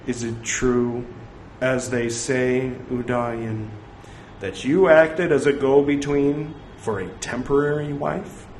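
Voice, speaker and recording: A man voicing a stern, revered male religious teacher who rebukes a monk in a slow, measured way. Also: medium pitch, level tone, a little mellow, a little hiss or hum. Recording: roomy echo, faint ambience.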